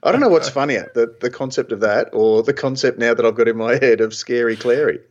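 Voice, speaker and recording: A man's voice: medium pitch, a little fast, lo-fi sound. A man co-hosting a casual podcast, throwing in wry, joking remarks. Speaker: podcast co-host.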